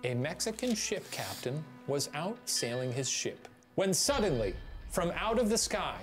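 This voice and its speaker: Animated male storyteller, somewhat high, playful narration with music under it. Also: measured pace. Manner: animated and playful, with sudden exclamations. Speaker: co-host presenting a theory.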